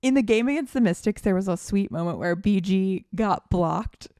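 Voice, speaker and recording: A podcast co-host gushes about basketball as an enthusiastic fan in casual sports chat. Her mid-range voice is expressive, clear, and resonant with a dark tone, and she talks at a moderate pace.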